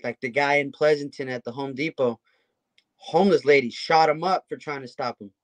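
A man with a mid-range voice co-hosts a relaxed talk. He speaks in an animated way and keeps asking rhetorical questions. The recording is dry. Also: mid-range voice, brisk, no echo. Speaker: podcast co-host. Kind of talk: casual conversation.

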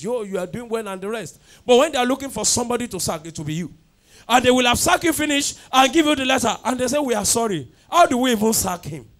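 A man's voice: extremely high pitch, a bit bright. A man preaching a fervent sermon, leading chanted prayers with call and response in church. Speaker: pastor. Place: church at a night prayer service.

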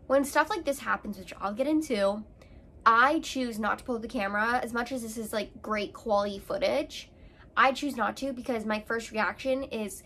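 A woman with a slightly high voice chats to her camera about something that shook her. She rambles emotionally and keeps circling back with fillers and restarts. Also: normal speed, fairly bright tone. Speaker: vlogger. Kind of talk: casual storytelling to camera.

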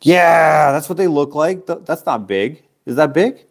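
A man's voice: a little high, lively intonation, measured pace. A man in his late twenties, hosting a livestream and telling a rambling story with a microphone on, often breaking off on tangents. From Canada. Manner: chatty, wanders off on tangents, self-interrupting. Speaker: livestream auction host. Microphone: wearing a microphone.

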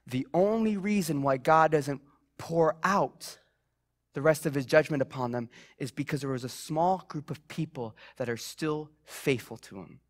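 High-voiced young man preaching, chatty. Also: expressive, moderate pace, fairly bright tone. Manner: chatty, self-deprecating, many fillers and restarts. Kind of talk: sermon with personal stories. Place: church sanctuary.

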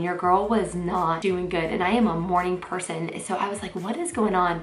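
A woman, talking excitedly to camera in a casual vlog, full of fillers. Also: lowish voice. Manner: excitable, chatty, filler-heavy. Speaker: vlogger. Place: parked car. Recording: roomy echo with faint noise.

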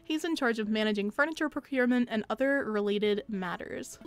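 Woman reading upbeat otter boss lady, brisk and friendly, higher voice, soft music behind. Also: close to an everyday voice. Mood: welcoming.

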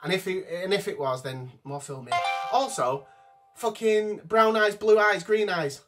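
A man's voice: sits high, a little slow, music in the background. A man giving an exasperated, profane rant reviewing a TV episode from his notes. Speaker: vlogger. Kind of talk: ranting TV review.

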